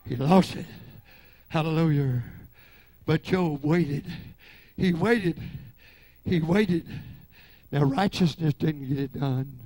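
An older pastor preaching a revival sermon. He swings between low murmured stretches and shouted, rising exhortation. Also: slow, pauses often, no room sound.

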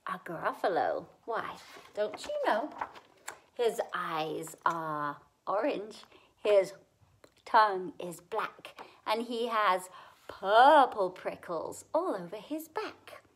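A woman voicing a clever, tiny male mouse in a storybook read-aloud, bold and quick-witted. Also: medium pitch, lively intonation. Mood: spooky.

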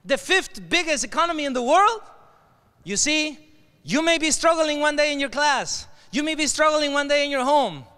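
A man with a Mexican Spanish accent giving an energetic motivational keynote to a crowd, leading call-and-response chants with bursts of shouting. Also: very high-pitched, normal speed. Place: large hall at a leadership conference. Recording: echoey hall, long reverb.

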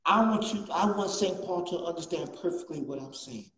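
A man preaching a fervent sermon as a guest bishop, repeating refrains and rising to shouts. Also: high-pitched, a little fast. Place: church sanctuary. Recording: echoey church, distant mic, faint noise.

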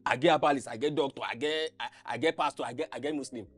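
A man's voice: mid-range voice, fast talker, husky, faint music behind, lightly acted. An actor with a Nigerian Pidgin accent playing a streetwise man who boasts of his connections and reassures a friend. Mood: boastful. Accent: Nigerian Pidgin English. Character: fast-talking streetwise man, boastful fixer.

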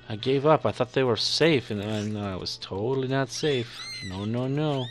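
A man's voice: mid-range voice, measured pace, music in the background. A young man giving playful let's-play commentary, chatting to the creatures on screen as he plays. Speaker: gaming YouTuber.

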